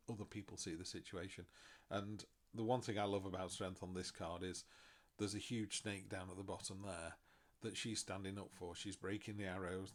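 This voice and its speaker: Chatty middle-aged man, low voice. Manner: chatty, self-mocking, animated asides. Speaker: tarot reader. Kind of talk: casual tarot reading.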